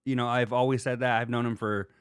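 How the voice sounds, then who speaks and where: A man hosts a livestream alone, talking in a loose, rambling way and dropping the odd curse as he answers his chat. His voice sits at an ordinary pitch. The sound is close and dry, with no room echo. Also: little pitch movement, quick pace, smooth. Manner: loose and rambling, swears casually. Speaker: livestream host. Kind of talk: casual solo livestream chat reading viewer comments.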